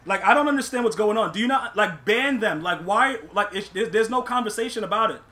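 A young man streaming a football video game, complaining to himself and his chat and shouting in disbelief at bad plays. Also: high voice, a little fast. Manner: exasperated, talks to himself and chat. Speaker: gaming streamer. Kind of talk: live gameplay commentary.

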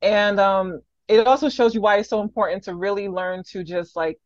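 A woman's voice: medium pitch, steady tone, moderate pace, no echo, muffled recording. A woman hosting a casual interview, asking probing questions with plenty of "you know" and "like". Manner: curious, probing questions, many fillers. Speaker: interview host.

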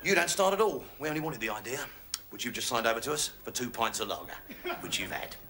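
A man's voice: medium pitch, very animated, fast, heavy background noise. An actor playing a scheming male TV executive who talks bluntly and smugly, trading insults. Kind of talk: sitcom acting.

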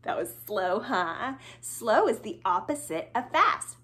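Slow, sing-song woman teaching small children. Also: big pitch swings. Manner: slow, sing-song and playful, with exaggerated loud, quiet, high and low hellos. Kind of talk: children's video lesson.

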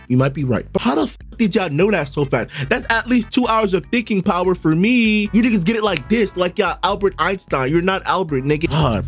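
A young man streaming a casual live reaction, talking loud and profane and breaking into sudden shouts. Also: sits high. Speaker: streamer reacting to a riddle video.

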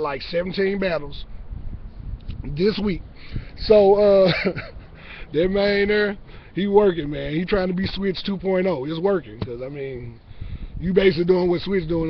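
A man's voice: fairly high pitch, a little hiss or hum. A man who is a battle rapper, vlogging a brash, boastful, profane trash-talk monologue to camera. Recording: dull lo-fi sound.

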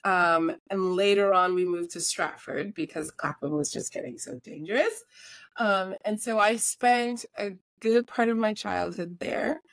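A woman appears as a guest in a relaxed interview, a voiceover artist and filmmaker who was born in New Jersey and grew up in England. She speaks with an American accent that sometimes slips into British, in a mid-range voice at a slightly slow pace with no echo. Her stories are animated, full of lively impressions of people and laughter.

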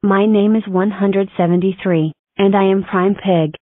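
A woman voicing a perky female counting-block character with a flat announcing delivery. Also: mid-range voice, moderate pace, dry recording, natural voice. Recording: tinny dry lo-fi audio.

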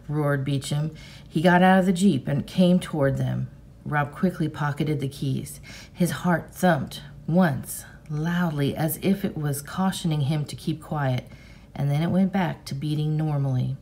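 A woman teacher reading a children's novel aloud to her class, expressive and measured. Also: low-pitched. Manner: slow, expressive storytelling. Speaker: fourth grade teacher.

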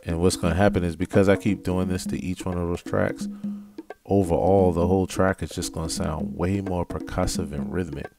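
A man with a low, gravelly voice and a fairly level delivery walks through a mixing session in a relaxed, explanatory tone, thinking aloud as he goes. Music tracks play clearly behind his voice. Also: moderate pace. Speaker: music producer teaching mixing. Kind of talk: casual screen-recorded tutorial. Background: music playback.

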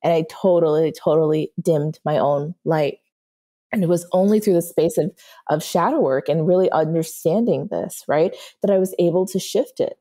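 A woman's voice: deep voice, moderate pace. A woman manifestation coach giving an interview, telling stories animatedly and checking in with "right?". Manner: animated storytelling, frequent "right?" check-ins. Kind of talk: podcast guest interview.

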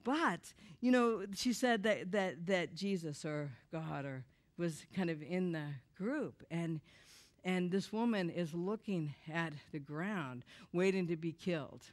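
A woman's voice: on the low side, expressive, slow pace. A woman giving a personal testimony to a church audience, candid and emotional with wry humor.

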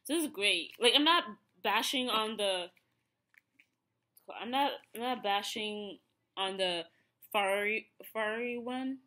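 A woman's voice: mid-range voice, measured pace, sharp tone. Chatty Ethiopian woman reviewing snacks. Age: 30s. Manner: chatty, full of fillers and restarts. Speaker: vlogger. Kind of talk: casual food review.

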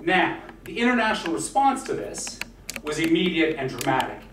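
A man's voice: a little high, big pitch swings, moderate pace. A man giving a history lecture in a conversational way, with many "uh" fillers and wry asides. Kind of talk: university lecture. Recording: echoey hall, mic far off, faint hiss.

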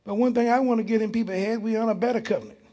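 A man's voice: sits high, steady tone, very fast, warm tone. A man, preaching as pastor in a church, emphatic and full of rhetorical questions. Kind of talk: sermon.

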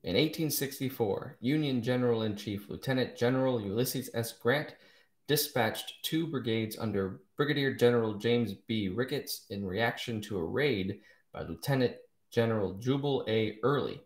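Rambling low-voiced man in an echoey room. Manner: rambling, with wry asides and self-corrections. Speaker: host of a live poetry show. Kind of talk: casual live-stream reading and chat.

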